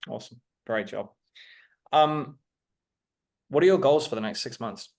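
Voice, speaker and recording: Halting male interview host. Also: mid-range voice, gravelly, a little mellow. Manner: halting, repeats words when restarting. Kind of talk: casual interview.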